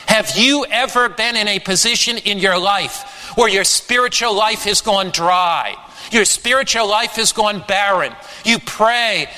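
A man preaching a sermon, slow and emphatic, repeating his refrains. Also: high-pitched, sharp tone. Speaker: pastor. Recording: long hall reverb.

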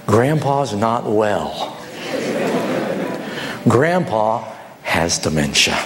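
A man voicing a gentle dinner host who apologizes and calmly explains a relative's illness. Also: medium pitch, fast talker, over music, lightly acted. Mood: soothing. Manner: soft, soothing, apologetic.

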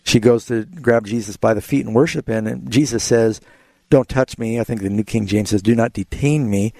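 A man's voice: medium pitch, normal speed, creaky, a little mellow, dry recording. A man hosting a call-in radio Bible show, earnestly explaining scripture to callers in a studio.

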